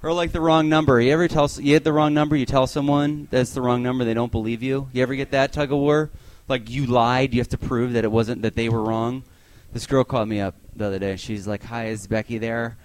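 Fast and steady-toned, a man with a medium-pitched voice does stand-up on a club stage, recorded without echo. His set is a string of exasperated complaints, complete with impressions of the people he's mocking.

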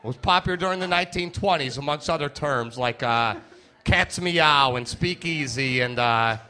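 A man's voice: mid-range voice, moderate pace, bright, forceful tone, smooth. A man doing a crude, brash stand-up comedy routine, joking with members of the crowd.

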